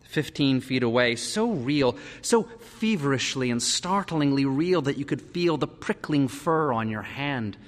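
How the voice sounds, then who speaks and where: A man's voice: on the low side, fairly bright tone. A man narrating a story aloud, lingering vividly over the descriptions. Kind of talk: dramatic story reading. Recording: reverberant hall.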